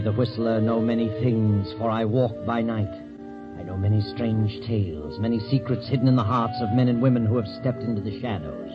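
A man playing a mysterious male narrator who walks by night, telling the tale in a slow, ominous 1940s radio drama style. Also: natural voice. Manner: ominous, low, taunting second-person narration. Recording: muffled old radio broadcast.

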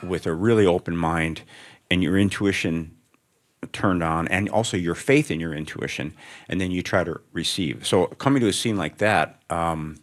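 Deep-voiced man musing thoughtfully onstage. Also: moderate pace. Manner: thoughtful, rambling, self-interrupting. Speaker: writer guest. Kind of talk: onstage interview before students. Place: lecture room with student audience.

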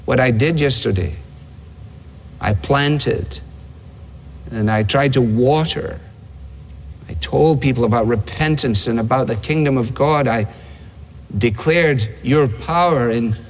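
Preacher doing jesus praying, slow earnest halting, echoey hall. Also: male voice, mid-range voice, slight background noise, lightly acted. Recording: long hall reverb.

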